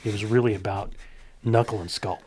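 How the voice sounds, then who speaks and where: A man's voice: lowish voice, a little fast, slight background noise. A middle-aged man, a stunt coordinator, telling stories in casual conversation and acting out the dialogue. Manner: animated storyteller who acts out quoted dialogue.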